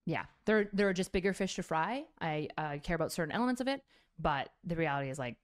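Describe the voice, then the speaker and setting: A woman's voice: fairly low pitch, lively intonation, quick pace. A woman content creator talking bluntly and profanely in a rambling casual stream. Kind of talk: clip of casual stream talk.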